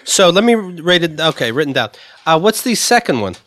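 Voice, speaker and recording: A man with a slightly high voice trades jokes on a podcast, teasing his co-host in a dry, deadpan way. The voice sits close and dry, with no room around it. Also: normal speed, dry recording. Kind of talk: casual banter.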